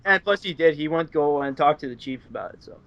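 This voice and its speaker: An interview guest, male, spins rambling, casual stories full of fillers, often breaking into laughter. He talks fast and animated, with a fairly high pitch and a fairly bright tone. The sound is dry and rather dull.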